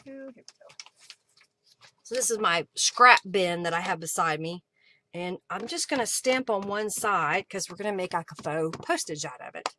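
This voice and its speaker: A woman's voice: fairly low pitch, expressive, normal speed, sharp tone, a little hiss or hum. A woman hosting a live crafting stream, chatting casually and thinking aloud as she works at her craft table and answers viewers. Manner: chatty, thinks aloud while working, reads viewer comments. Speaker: craft livestream host.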